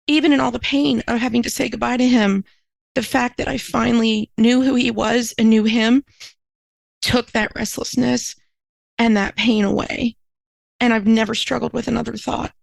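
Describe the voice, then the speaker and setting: A woman's voice: on the high side, creaky, dry recording, poor audio. A woman minister, a podcast guest, telling a personal story in an earnest, emotional way, her voice climbing when she is moved.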